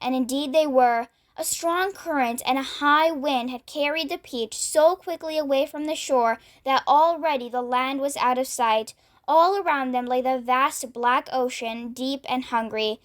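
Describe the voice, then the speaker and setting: A woman reading a children's book aloud in a steady, expressive narration. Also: sits high, unhurried. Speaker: storyteller.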